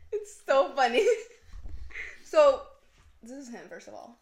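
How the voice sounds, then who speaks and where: A young woman co-hosts a podcast in a relaxed, giggly chat, sprinkling in plenty of "like" and "you know." Her voice is high and a little mellow, and the recording has a roomy echo.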